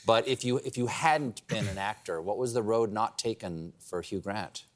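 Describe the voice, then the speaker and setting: A middle-aged man hosting a late-night talk show, joking and telling stories with animated delivery. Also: lowish voice, normal speed. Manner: jokey, animated storyteller. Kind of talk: late-night monologue and interview.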